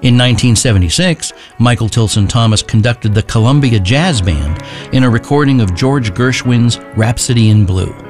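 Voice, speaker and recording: A man reading a scripted radio announcement in a measured, formal delivery. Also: medium pitch, darkish tone, faint music behind. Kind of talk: scripted news narration.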